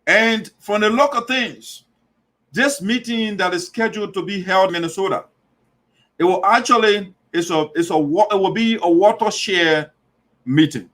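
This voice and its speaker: A man's voice: high-pitched, normal speed, a bit bright. A man from Liberia with a Liberian English accent, hosting a political commentary show, talking emphatically and repeating himself with restarts. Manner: emphatic, repetitive, restarts mid-phrase. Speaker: show host.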